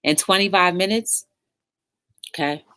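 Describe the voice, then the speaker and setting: A woman's voice: fairly low pitch, unhurried, pushed and bright. A woman hosting a casual livestream talk show, chatting with viewers in the live chat and encouraging them.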